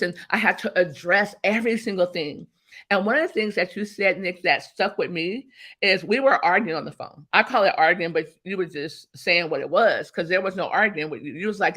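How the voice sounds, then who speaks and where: Bright, emphatic woman telling stories. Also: fairly low pitch, brisk. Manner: emphatic, storytelling, acts out quoted exchanges. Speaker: interview guest, business coach. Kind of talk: animated interview conversation.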